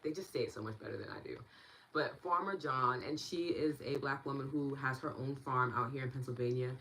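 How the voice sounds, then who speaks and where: A woman's voice: very deep voice, fairly quick, a little hiss or hum, rough recording. A young woman with a New York accent, leading a live online tapping session in a bubbly, chatty way and reading viewer comments as she goes. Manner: bubbly, bursts into excited laughter. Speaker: meditation and tapping guide. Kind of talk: casual live-stream teaching while reading chat.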